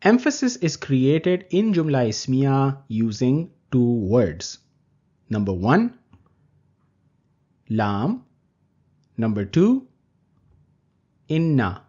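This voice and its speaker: A man teaching Arabic grammar in a recorded lecture, explaining terms slowly and deliberately. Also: medium pitch, big pitch swings, warm tone. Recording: dull lo-fi recording.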